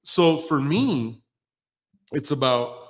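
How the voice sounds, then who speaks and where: A man's voice: on the high side, expressive, slow pace, noisy background. A man hosting a podcast in a casual, profane style, telling blunt stories and acting out the people he quotes. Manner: blunt storyteller who acts out quoted people. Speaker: podcast host.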